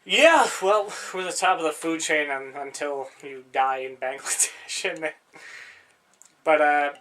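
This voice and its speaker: Young man, podcast co-host, casual rambling chat, fairly high voice, bright tone, swears and laughs a lot. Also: unhurried.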